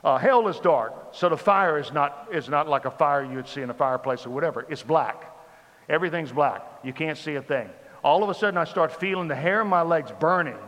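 A man giving a sermon testimony, telling his story with lively repetition. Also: a little high, brisk, in a large hall. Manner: animated storytelling with repeated phrases. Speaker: preacher.

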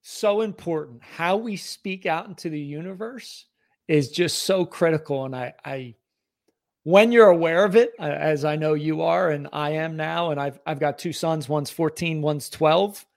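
A man's voice: on the high side, measured pace, vocal fry. A middle-aged man hosting a podcast, speaking earnestly and emphatically in a motivational, casual chat. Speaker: podcast host.

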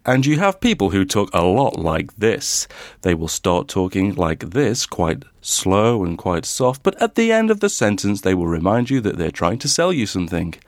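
A man putting on a soft, slow advert voice-over announcer, rising to close the sale. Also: lowish voice, sing-song, no room sound. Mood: soft selling.

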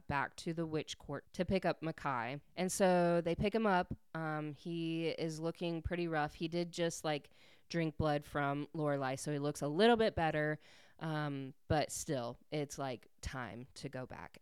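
A woman hosts a podcast and recaps a book in loose, chatty talk full of fillers. Her voice sits low and is very smooth and clean. The recording is dry and close. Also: no room sound. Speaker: podcast host.

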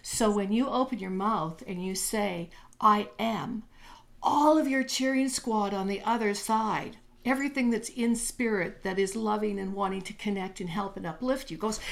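A woman's voice: medium pitch, moderate pace, vocal fry. A woman coaching on spirituality in a podcast chat, telling stories and acting out voices as she goes. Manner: animated, acts out voices in stories. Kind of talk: casual podcast chat, storytelling.

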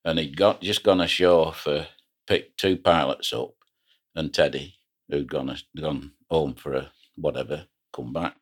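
An older man with a very deep, low voice. He spins a rambling seafaring yarn in a relaxed, conversational way, often restarting his sentences. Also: unhurried, slightly rough. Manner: rambling anecdotal storyteller with frequent restarts. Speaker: retired pilot boat skipper. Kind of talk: reminiscing oral history.

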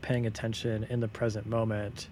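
A man's voice: fairly low pitch, flat delivery, moderate pace, a little mellow, slight background noise. A man co-hosting a podcast as a yoga teacher, explaining in an earnest, emphatic way in unscripted conversation.

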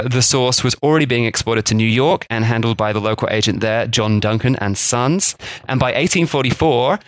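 A man hosts a casual history podcast, telling the story in a chatty way with jokey asides. His voice sits in a middle pitch range. The sound is dry and close to the mic. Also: fairly bright tone, no echo. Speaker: podcast host.

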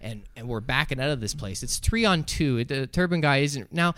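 A man in his twenties telling a story on a podcast, animated, acting out other people's voices and laughing as he goes. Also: mid-range voice, a little fast, dry recording. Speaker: podcast co-host. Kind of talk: casual storytelling.

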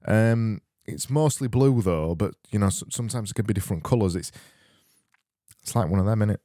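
A man hosting a casual solo podcast, reading out listener messages with deadpan, rambling sarcasm. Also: fairly low pitch, brisk, no room sound, clean studio sound. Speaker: podcast host.

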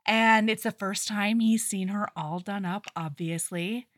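A woman's voice: mid-range voice, a little slow, dry recording, clean studio sound. A woman co-hosting a casual book podcast, animatedly retelling scenes and acting out characters' lines. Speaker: podcast co-host. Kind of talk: casual book-club chat.

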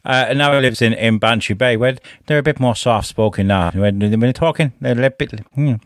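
A man hosting a podcast, telling stories in a lively, laughing, swearing way. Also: medium pitch, brisk, no room sound, clean studio sound. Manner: animated, swearing storyteller who laughs often. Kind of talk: casual chat.

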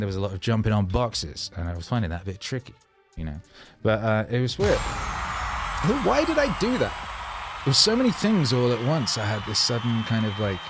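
A man, a rapper, telling rambling, self-mocking stories in a casual monologue, loose with fillers and swearing. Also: on the low side.

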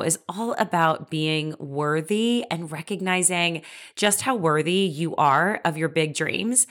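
A woman's voice: on the low side, a bit bright. A young adult woman hosting her own podcast, telling a personal story in an earnest, confiding and emphatic way. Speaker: podcast host.

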